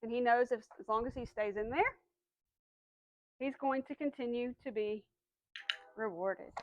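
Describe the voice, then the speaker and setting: In an instructional demo, a woman dog trainer patiently explains commands step by step, then gives the dog short, firm cues. Her voice is a little high and a little slow, recorded dry with the highs cut off.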